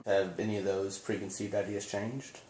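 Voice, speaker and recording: Low-voiced male interviewer in an echoey room. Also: flat delivery, normal speed, a little mellow. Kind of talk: asking interview questions. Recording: echoey room, faint hiss.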